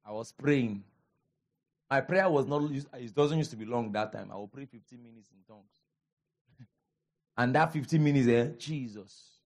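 A man with a Nigerian accent preaching a sermon as pastor, animated, repeating his lines for emphasis and calling out to the congregation. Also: mid-range voice, normal speed, pauses often.

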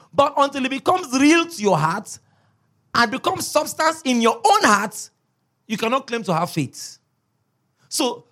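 A man's voice: extremely high pitch, fairly bright tone. A man preaching a sermon as a pastor, emphatic, repeating key words and checking in with his listeners.

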